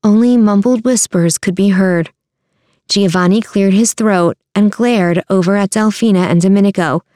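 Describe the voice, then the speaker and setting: A woman narrating a storybook in a steady, measured reading voice. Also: medium pitch, no room sound, clean studio sound.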